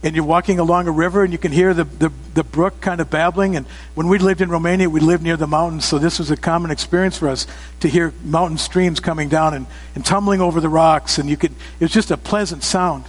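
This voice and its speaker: A pastor preaching a sermon to his church, emphatic and often rising to loud exclamations. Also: on the high side, steady tone, fast talker. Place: church sanctuary. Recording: long reverb of a church hall.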